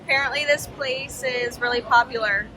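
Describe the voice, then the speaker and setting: Young woman, casual travel vlogger, chatty with fillers, slightly high voice, loud outdoor noise. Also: moderate pace. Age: young adult. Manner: chatty, laughing, filler-heavy. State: sweaty and tired from walking. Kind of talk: casual travel vlog chat. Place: outdoors on a trip, streets and ruins.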